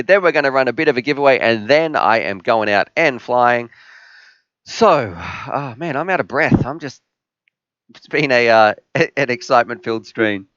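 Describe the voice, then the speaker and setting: A man in his thirties hosting a live stream Q&A, chatting and telling rambling, animated stories. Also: medium pitch, clean tone, no echo, muffled recording. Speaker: host.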